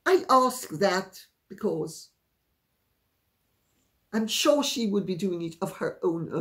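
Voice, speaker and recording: Woman commentator, sardonic and unhurried, mid pitch, dry mocking asides. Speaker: royal commentator. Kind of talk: casual commentary.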